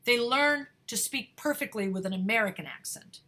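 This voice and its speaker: A woman talent manager giving career advice to actors, energetic and emphatic, repeating words for stress and searching for words with fillers. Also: a little high, moderate pace. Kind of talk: advice talk to camera.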